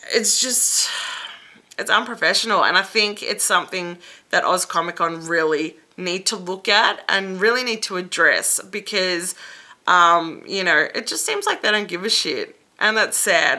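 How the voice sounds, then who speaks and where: A woman's voice: fairly low pitch, sharp tone. A young woman venting to camera in an angry, heavily sworn rant, acting out the exchanges she had with staff. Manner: heated, swears freely, acts out quoted exchanges. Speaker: vlogger.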